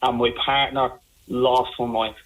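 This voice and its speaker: A man with an Irish accent, calling in to a radio show by phone and telling a story in an animated way that keeps coming back to the same points. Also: medium pitch, a little slow. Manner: animated, repeats himself while telling a story. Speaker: caller. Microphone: telephone. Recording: phone line.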